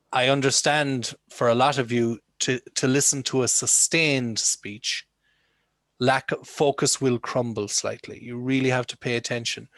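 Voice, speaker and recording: A man's voice: mid-range voice, fairly bright tone, no room sound. A man teaching an English listening lesson over a video call, talking conversationally and putting questions to his students. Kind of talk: online lesson.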